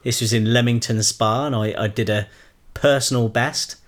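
A man's voice: medium pitch, steady tone, normal speed. A man co-hosting a podcast in casual chat, with dry, teasing humour. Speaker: podcast co-host.

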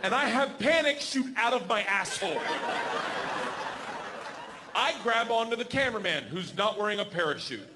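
A high-voiced man in his forties tells a rowdy stand-up story on stage, loud, profane and prone to shouting. Crowd noise hums clearly behind him in the live room. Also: lively intonation, moderate pace, long pauses. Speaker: stand-up comedian. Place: comedy stage before a crowd.

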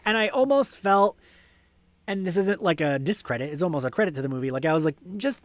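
A man's voice: on the high side, expressive, brisk, dry recording. A man co-hosting a casual podcast, giving his movie opinions with lots of fillers and restarts. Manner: hesitant, many fillers, enthusiastic opinions. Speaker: podcast co-host. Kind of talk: casual movie review chat.

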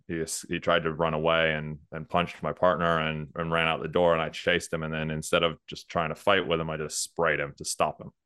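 A man's voice: extremely low pitch, a bit bright, smooth, no room sound, studio quality. A man, a former police officer born in the United States, talking casually in an interview, laughing often and restarting sentences.

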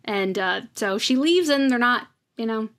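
A woman's voice: fairly high pitch, expressive, measured pace, a bit bright. Chatty woman recapping a show. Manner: retells scenes quoting characters, many "like" fillers. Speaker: podcast co-host recapping episodes. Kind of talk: casual chat.

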